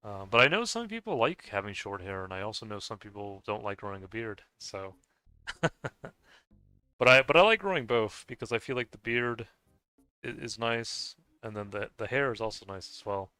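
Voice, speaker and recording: Low-ish guy rambling casually while gaming, tons of restarts, bright dry close sound. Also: expressive, clear, resonant tone, no echo, faint music behind. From United States. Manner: rambling and halting, with many restarts and soft chuckles. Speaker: gaming streamer. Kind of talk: casual chat while playing a game.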